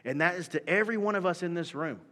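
Pastor guy preaching, bright voice, goes from quiet to yelling, big echoey church hall. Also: high-pitched, quick pace. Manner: animated, swings from soft to shouting. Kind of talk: sermon. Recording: long hall reverb.

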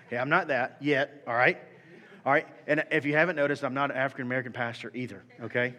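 A man in his thirties preaching a sermon, animated and swinging from soft talk to shouting. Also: mid-range voice, quick pace. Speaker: pastor. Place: church hall. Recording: long hall reverb.

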